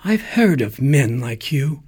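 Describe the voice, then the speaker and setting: A man reading a story aloud voices an indignant, sharp-tongued young woman, his husky voice lifted a little. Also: medium pitch, very animated, slow, full character voice. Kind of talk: reading short fiction aloud.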